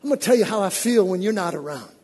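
A man preaching a sermon as pastor, speaking directly to his congregation and swinging from hushed asides to shouted exhortation. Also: high-pitched, lively intonation, rapid-fire, breathy edge, long reverb tail.

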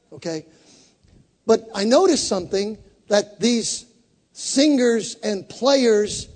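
A man preaching a sermon as pastor, fervent and leading the congregation in call and response. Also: high-pitched. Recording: long hall reverb.

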